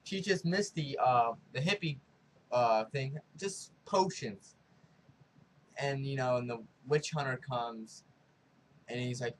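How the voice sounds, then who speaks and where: A man giving a casual, rambling review of a TV episode, talking excitedly with lots of fillers and dropping into quick character impressions. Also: medium pitch. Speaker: video reviewer.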